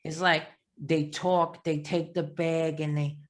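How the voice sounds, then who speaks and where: A man's voice: on the high side, takes it slowly. Chatty man with a Long Island accent. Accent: Long Island New York. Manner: rambling, animated storyteller. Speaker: podcast host. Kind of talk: casual interview chat.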